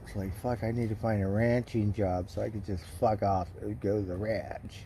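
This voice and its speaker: A man's voice: lowish voice, flat delivery, moderate pace, mellow, slight background noise. A man casually chatting with his stream viewers, telling rambling, profane stories. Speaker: livestream host.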